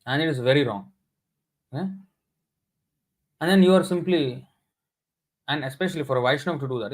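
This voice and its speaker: A man's voice: mid-range voice, rough recording. A man giving a sermon in an indignant, scolding, emphatic manner. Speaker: scripture class speaker.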